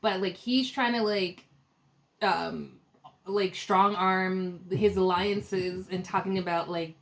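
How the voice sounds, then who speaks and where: A woman co-hosting a casual recap chat, animated and quoting cast members, with a lot of "like". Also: mid-range voice, unhurried. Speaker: podcast co-host.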